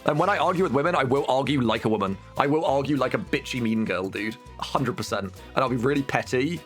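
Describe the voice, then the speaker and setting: A man's voice: mid-range voice, expressive, fast, soft background music. A man streaming a game, chatting casually in a rambling, joking way and swearing often. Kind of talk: casual gameplay chat.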